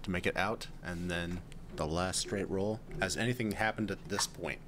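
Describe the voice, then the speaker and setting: A man playing a tabletop game, briskly calling out dice rolls. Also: sits low, background noise. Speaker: player.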